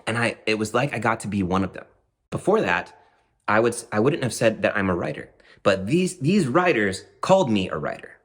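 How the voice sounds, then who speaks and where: A man telling a personal story in a lively, conversational way with frequent asides. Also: on the low side, fairly quick, slightly rough.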